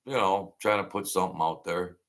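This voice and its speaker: A man's voice: deep voice, a little fast, fairly bright tone. A man hosting a casual livestream, rambling as he greets viewers by name and answers their comments. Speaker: livestream host.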